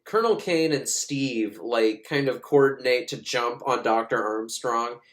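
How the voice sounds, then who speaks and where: Recapping a movie with heavy sarcasm, a man swears freely and slips into quick put-on character voices to act out lines in casual talk. His voice is mid-range with a fairly bright tone.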